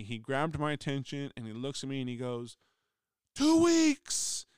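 A man's voice: medium pitch, fairly bright tone, smooth, no echo, clean studio sound. A middle-aged man, a union steward, telling a story in a casual, rambling monologue with many restarts. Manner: rambling, frequent restarts, acts out quoted voices. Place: voice message recording.

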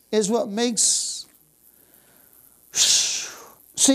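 A woman's voice: fairly high pitch, big pitch swings, slow pace, long pauses. A woman preaching a sermon, exuberant, bursting into exclamations of praise and dwelling on repeated phrases.

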